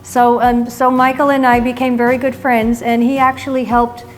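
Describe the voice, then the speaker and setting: A woman from New York, a chef hosting a cooking segment in a home kitchen, telling a story in a chatty, animated way. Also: fairly high pitch, moderate pace, faint music behind. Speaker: chef and cooking show host. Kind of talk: casual storytelling chat.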